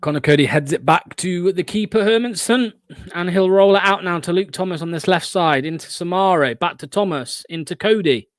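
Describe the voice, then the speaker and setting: A man's voice: high voice, normal speed, no room sound, studio quality. A young man hosting a fan watchalong, giving live play-by-play with blunt, sarcastic asides and swearing.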